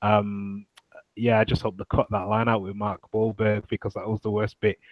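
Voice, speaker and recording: A man's voice: lowish voice, level tone, moderate pace, no room sound, lo-fi sound. A man co-hosting a podcast, chatting casually and animatedly about film trailers, swearing freely and mimicking lines. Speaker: podcast co-host.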